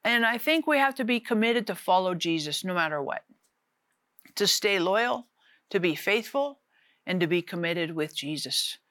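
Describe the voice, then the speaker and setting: A woman preaching a casual, conversational sermon, animated and often repeating words. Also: lowish voice, moderate pace, no echo.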